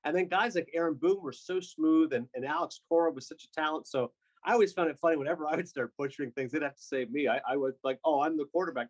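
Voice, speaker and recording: Fast-talking animated male broadcaster. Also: on the high side, rough recording. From Canada. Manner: fast, animated storyteller with quick asides. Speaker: sports broadcaster guest. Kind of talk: casual podcast chat.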